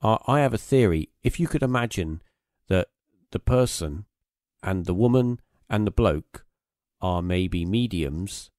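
A man's voice: deep voice, lively intonation, measured pace, a little mellow, no echo, studio quality. A man hosting a podcast, telling a long anecdote in a rambling, casual way with plenty of fillers. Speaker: podcast host. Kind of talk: casual conversation, storytelling.

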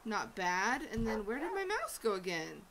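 A woman's voice: medium pitch, very animated, normal speed, background noise. A woman playing a video game and commenting as she goes, chatting to her in-game dog and crying out in frantic repeats when things go wrong. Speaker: gaming channel host. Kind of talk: let's play commentary. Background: loud game music.

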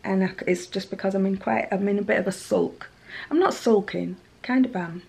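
A woman's voice: medium pitch, fairly quick, gravelly, a little mellow. A woman talking casually to her camera at home, rambling and poking fun at herself as she goes. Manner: rambling, chatty, self-deprecating. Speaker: lifestyle vlogger. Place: at home, indoors. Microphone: handheld camera mic.

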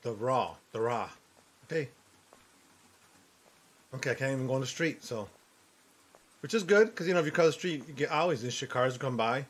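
A slightly rough voice of medium pitch, delivered at a moderate pace with long pauses. He is a gaming streamer in his forties, joking around loudly, swearing freely, and responding to the game's characters as if they could hear him.

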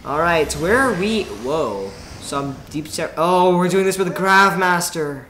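Excitable young man narrating a game. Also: on the high side, measured pace, a little hiss or hum. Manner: excitable, chatty, talks to the viewers while playing. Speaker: gaming video host. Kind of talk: let's play commentary. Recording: roomy home recording. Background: faint game music.

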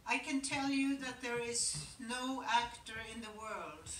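A Norwegian woman in her 70s, whose first language is Norwegian, is a guest actress answering audience questions at an onstage Q&A in a large theater auditorium. She tells stories reflectively and haltingly, pausing and restarting, in a fairly bright, higher-pitched voice. The recording is echoey and distant, with a little hiss or hum.

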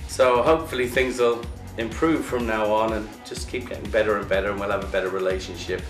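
A man's voice: on the low side, fairly even intonation, reverberant, over music, close to an everyday voice. A man playing a rambling Irish Jesus dad. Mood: earnest. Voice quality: halting, rambling, full of restarts. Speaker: reality show star. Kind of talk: comedic film acting.

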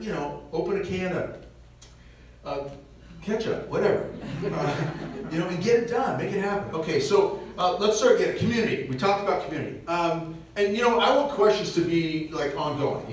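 Animated guy doing a church talk, far from the mic, big echoey room, lots of playful asides. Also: fairly high pitch, slight background noise. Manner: animated, jokey, acts out little scenes. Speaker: visiting speaker on preparedness. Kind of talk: lively parish mission talk. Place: church hall.

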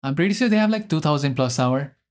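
Excitable young male game streamer. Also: fairly high pitch, quick pace. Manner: excitable, rambling, self-mocking. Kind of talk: live gameplay commentary.

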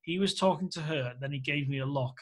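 A man from Australia chats as a podcast guest, telling frank stories and slipping into the voices of the people he quotes. His voice sits a little high for a man. He speaks openly and with animation, as if he has nothing to hide. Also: brisk. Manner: candid, animated anecdote-teller who acts out quoted speech. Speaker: filmmaker guest. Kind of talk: casual podcast interview storytelling.

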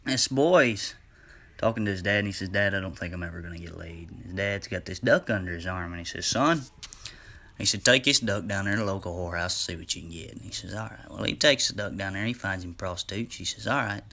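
A man's voice: deep voice, quick pace, gravelly, pushed and bright. A man casually telling a bawdy joke in a folksy, drawling storytelling manner. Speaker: joke teller.

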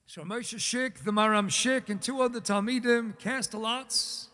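A man's voice: very high voice, measured pace, sharp tone. A man giving a talk as a rabbi, telling a story dramatically and acting out its characters. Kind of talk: sermon storytelling. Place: large synagogue hall. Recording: reverberant hall.

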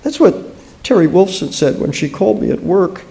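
A man voicing a grieving woman in her thirties who speaks softly and tearfully. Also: sits high, fairly quick, vocal fry, pitched above the performer's own voice, rough recording. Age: 30s. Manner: soft, tearful, pleading.

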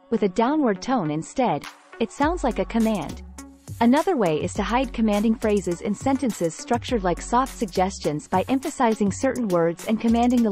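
A woman's voice: medium pitch, a little mellow. Woman narrating a scripted book summary.

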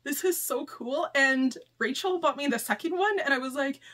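A woman hosting a casual unboxing vlog, excitable and gushing, sometimes reading book blurbs aloud. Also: sits high, moderate pace, hardly any pauses. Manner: excitable and gushing, often near tears. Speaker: channel host.

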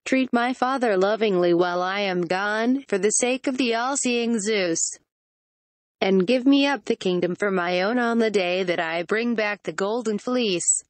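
A woman's voice: medium pitch, measured pace, no echo, close to an everyday voice. A synthetic woman's voice reading the lines of a bold, earnest young hero in a forthright way, for a text-to-speech audiobook.

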